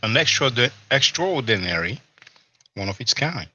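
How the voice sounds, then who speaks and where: A man's voice: medium pitch, sing-song, moderate pace, pushed and bright. A man hosting a live stream, chatting loosely with viewers and eating as he talks, with lots of "you know". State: talking while eating. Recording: slightly dull lo-fi stream audio.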